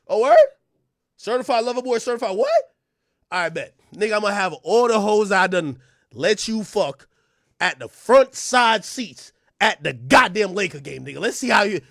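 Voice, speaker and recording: A man hosting a livestream, ranting loudly and profanely, often laughing and now and then rapping lines in a casual chat. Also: high voice, animated, normal speed, gravelly, no room sound, studio quality. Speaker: livestream host.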